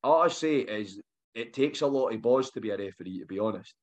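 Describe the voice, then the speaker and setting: A Scottish man on a podcast, talking about football in a measured, fair-minded way. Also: lowish voice, lively intonation. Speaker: podcast co-host. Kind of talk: casual football chat. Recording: dull lo-fi sound.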